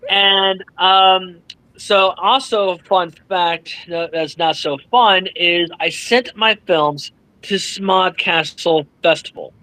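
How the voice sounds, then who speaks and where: A man being interviewed as an author, telling a story with lively energy, swearing freely and acting out what others said. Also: sits high, low-quality recording. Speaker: author guest. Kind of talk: animated storytelling in casual chat.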